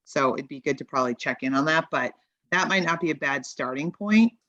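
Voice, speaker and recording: A woman's voice: low voice, brisk, fairly bright tone, dry recording, muffled recording. A woman advising a town committee in a meeting, explaining options in a practical, think-aloud way over remote-call audio. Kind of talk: meeting discussion.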